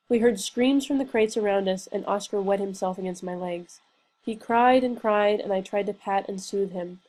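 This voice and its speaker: A woman reading a novel aloud in a steady, earnest storytelling manner. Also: mid-range voice, poor audio. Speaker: reader. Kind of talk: audiobook narration.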